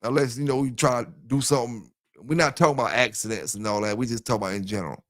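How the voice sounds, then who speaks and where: A man, talking loosely and at length to his livestream audience. His voice sits in an ordinary middle pitch. The sound is close and dry, picked up by a headset mic. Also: fast, a bit bright, no echo. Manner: loose, rambling, talks straight to listeners. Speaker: dog kennel channel host. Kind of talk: casual livestream chat. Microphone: headset with earphones.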